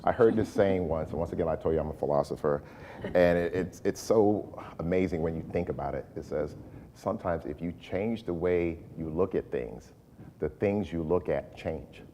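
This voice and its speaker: A man's voice: sits low, moderate pace, slight background noise. A man chatting as a guest on a talk show, telling stories and acting out what people said. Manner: storytelling, animated when acting out quotes. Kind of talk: casual talk-show chat.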